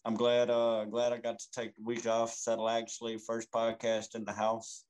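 A man's voice: medium pitch, completely flat delivery, normal speed, darkish tone, smooth, low-quality recording. Laid-back man talking sports. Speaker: podcast co-host. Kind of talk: casual sports chat.

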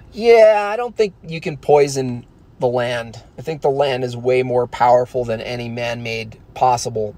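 A man's voice: mid-range voice, a little mellow. A man delivering a casual ranting monologue, profane and rambling, with emphatic asides. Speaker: vlogger.

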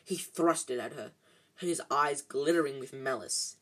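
A reader narrating a storybook aloud in a husky voice of middle pitch. They stumble now and then and correct themselves mid-sentence. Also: a little slow, a bit bright. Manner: reads with slips and restarts.

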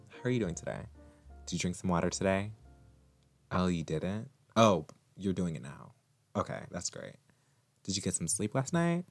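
A man's voice: deep voice, expressive, normal speed, gravelly, long pauses, faint music behind. A man hosting a solo podcast, talking casually and chattily to his listener, often laughing and calling the listener "girl.". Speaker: podcast host.

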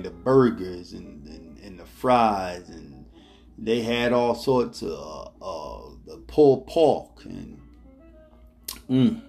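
Middle-aged male vlogger, slow rambling storyteller, faint music bed. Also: lowish voice, vocal fry. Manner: rambling, repeats words, chuckles as he tells; addresses viewers directly as ladies and gentlemen. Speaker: travel vlogger. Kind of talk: casual storytelling.

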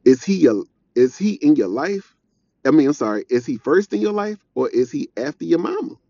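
A man's voice: a little high, sing-song, moderate pace, dark tone, no room sound, dull audio. Earnest man preaching in a casual way. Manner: earnest, repetitive, conversational. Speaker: devotional speaker. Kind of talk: informal preaching.

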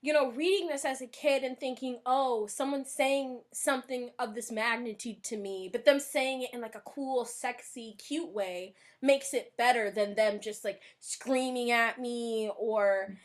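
A young woman co-hosting a casual book discussion, animated and sarcastic, laughing often. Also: on the high side, a little slow, few pauses. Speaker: podcast co-host.

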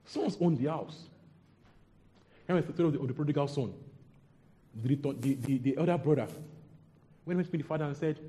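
A man's voice: on the high side, fast talker, pauses often, warm tone. A man preaching a sermon, repeating phrases and quizzing the congregation.

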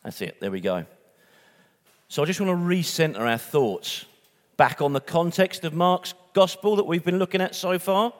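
A man preaching a sermon in a church hall, chatty and casual, often repeating words as he restarts. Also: fairly high pitch.

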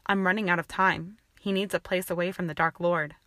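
A woman voicing a sullen, dour male wizard teacher who speaks calmly with a drawl. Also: fairly low pitch, a little fast, no echo, clean studio sound, lightly acted. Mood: measured. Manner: calm, drawling.

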